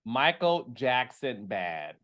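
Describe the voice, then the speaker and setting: Sassy man doing gossip commentary, voice jumps all over, slow drawn-out delivery. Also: big pitch swings, fairly bright tone. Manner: dramatic, sassy, addresses viewers directly, leaps to high exclamations. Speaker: host of a reality TV gossip show. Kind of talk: animated casual commentary.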